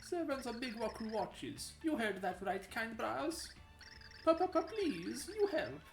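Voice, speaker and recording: A woman with a fairly high, sing-song voice speaks at a measured pace as a dim-witted male rock-creature chief. He pleads in broken grammar and surfer slang, using a made-up Italian accent with a country twang. The room is echoey, with game music.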